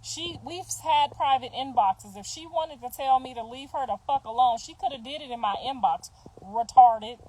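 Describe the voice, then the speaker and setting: A middle-aged mother rants on a livestream in a high, darkish voice at a moderate pace with hardly any pauses. The rough recording carries slight background noise. She's profane and confrontational in a heated, casual way, laughing between jabs as she defends herself.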